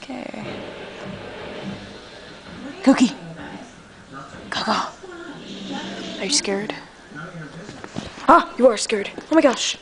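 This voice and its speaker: A woman's voice: high-pitched, lively intonation, drawn-out words, pauses often, fairly bright tone. Playful young woman teasing her dog. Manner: playful, teasing, switching to baby talk and whispers. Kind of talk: casual home video talking to her dog. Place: home, indoors.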